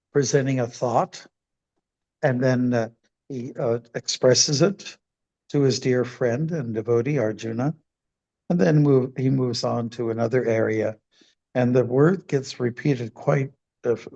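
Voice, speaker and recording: A man delivers a temple sermon in a gravelly, fry-tinged voice of middling pitch. He speaks deliberately and repeats key words for emphasis. The recording sounds dull and lo-fi. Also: mellow. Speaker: monk giving a scripture class.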